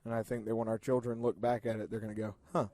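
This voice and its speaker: A man's voice: on the low side, level tone, fast, warm tone. A man joking and teasing his co-hosts in a studio during setup. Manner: teasing, playful. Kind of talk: casual banter.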